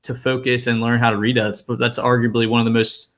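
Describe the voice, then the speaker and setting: A man in his twenties hosting a podcast interview, calmly summing up his guest's points. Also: medium pitch, quick pace. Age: 20s. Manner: reflective, sums up the guest's points. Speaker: podcast host.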